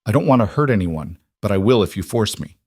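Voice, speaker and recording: A man's voice: on the low side, very animated, a little fast, a little mellow, no room sound, studio quality. A man voicing a desperate young woman with fire powers, urgent and defiant, in a storybook reading.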